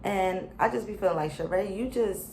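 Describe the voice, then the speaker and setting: A woman's voice: medium pitch, normal speed, darkish tone, roomy sound, slight background noise. A woman casually recapping a reality show, chatty and opinionated, with lots of fillers and slang.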